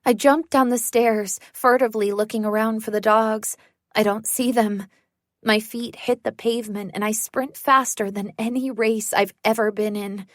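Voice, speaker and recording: A woman reading a first-person thriller aloud in a measured, suspenseful way. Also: on the high side, steady tone, dry recording, clean studio sound. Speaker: audiobook narrator.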